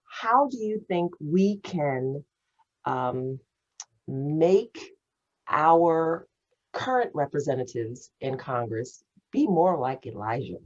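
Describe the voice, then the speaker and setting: A woman reverend hosts the meeting and puts measured, earnest questions to her guest. Her voice is very low and husky. The audio is dull and lo-fi. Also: sing-song, a little mellow. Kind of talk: hosted conversation, asking questions.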